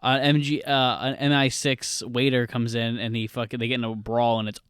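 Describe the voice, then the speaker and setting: A man's voice: medium pitch, little pitch movement, fairly quick, smooth, no room sound, studio quality. A man co-hosting a podcast, talking casually and loosely through a film with frequent swearing. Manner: loose, rambling, swears freely. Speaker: podcast co-host.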